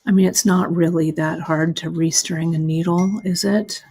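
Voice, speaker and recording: A middle-aged beading instructor with a warm, husky, fairly low voice talks at a moderate pace in a steady tone. Demonstrating beadwork live, she keeps up a chatty, self-deprecating commentary about the mistakes she makes while working.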